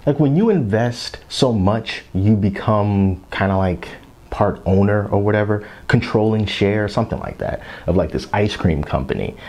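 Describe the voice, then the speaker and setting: Casting: man, thirties, lower voice, very lively rambling toy-review chatter, some whispered asides. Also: normal speed. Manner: chatty, rambling, drops into whispers so as not to wake his kids. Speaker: toy collector vlogger.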